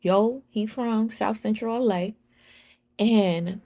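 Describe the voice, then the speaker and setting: A young woman from California speaks in a high, Valley-girl-like voice. She tells stories in a loose, animated way, slipping into the voices of the people she quotes. The audio is slightly dull and lo-fi. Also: slow. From Southern California. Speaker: vlogger. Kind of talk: casual monologue.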